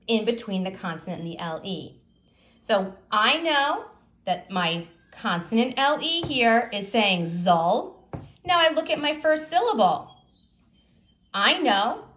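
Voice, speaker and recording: A woman teacher with a mid-range, fairly bright voice gives a phonics lesson. She sounds out words slowly and asks her young pupils questions.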